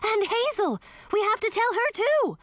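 A high, breathless young princess, earnest and urgent, her pitch leaping about in a storybook reading, as a woman puts her on. Dry, close sound. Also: animated, normal speed, no echo. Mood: alarmed.

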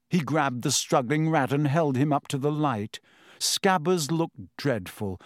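Slow, measured male audiobook narrator. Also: a little high, no echo, clean studio sound. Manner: measured, steady storytelling. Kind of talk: scripted narration.

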